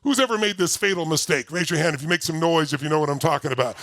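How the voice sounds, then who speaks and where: An older man giving a workshop talk to a live audience, telling a personal story with lots of energy and shouting out repeated phrases. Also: fairly high pitch, fast talker, vocal fry, background noise. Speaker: motivational speaker.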